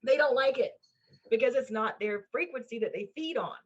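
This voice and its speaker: Animated woman podcast co-host, lo-fi. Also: on the high side, normal speed, slight background noise. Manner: animated, swears casually, emphatic repetition. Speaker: co-host, intuitive channeler. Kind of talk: casual podcast chat. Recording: dull lo-fi sound.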